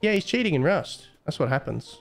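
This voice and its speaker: A man's voice: a little high, big pitch swings, normal speed, vocal fry, faint music behind. A young man admin on a game live stream, casually teasing and mocking players he catches cheating.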